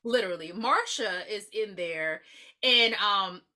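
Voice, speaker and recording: A woman's voice: mid-range voice, unhurried. A woman co-hosting a podcast, retelling a movie plot in crude, joking casual chat. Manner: profane, joking, animated retelling. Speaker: podcast co-host.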